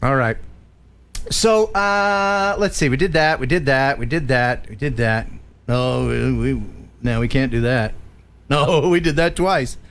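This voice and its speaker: A man's voice: mid-range voice, measured pace, a bit bright, smooth. An American man hosting a casual live stream, reading out viewer jokes and laughing often.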